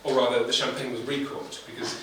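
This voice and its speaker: A man's voice: mid-range voice, level tone, brisk. A man performing comic spoken-word poetry at a poetry slam, with a dramatic, wry, theatrical delivery, recorded far off in a noisy, echoey live venue. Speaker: slam poet.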